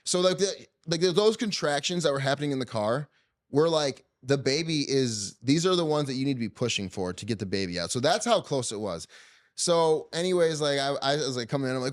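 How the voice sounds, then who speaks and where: A man's voice: mid-range voice, lively intonation, fairly quick. A man hosting a podcast, telling a story in a loose, joking casual chat. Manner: loose and joking, heavy use of "like". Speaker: podcast host.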